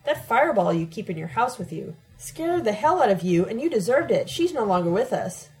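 A woman's voice: a little high, very animated, brisk, darkish tone, poor audio. A woman voicing a sarcastic, self-righteous male professor in an audiobook reading, with a defensive edge to his lines. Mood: sardonic. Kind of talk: audiobook narration.

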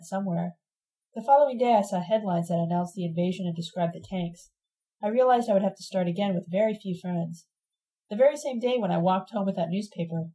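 Woman reading a novel in a mellow voice. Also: medium pitch, rough recording. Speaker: audiobook narrator. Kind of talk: first-person novel narration.

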